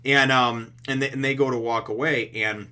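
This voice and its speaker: Rambling man with a bright, forceful voice. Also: mid-range voice, moderate pace. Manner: rambling, heavy on fillers and restarts; profane, relaxed retelling. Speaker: manga reviewer. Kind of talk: casual chapter review.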